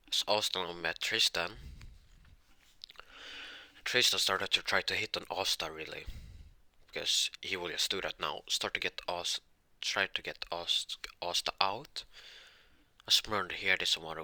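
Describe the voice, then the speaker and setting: A man narrating an improvised fan-fiction story, halting with many restarts and self-corrections. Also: low-pitched, pushed and bright, no echo.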